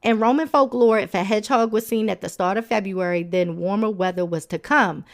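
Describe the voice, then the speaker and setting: A woman's voice: mid-range voice, brisk. Playful, laughing woman podcast host. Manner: playful, chatty, laughs often; colloquial, sassy asides. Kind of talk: casual podcast narration.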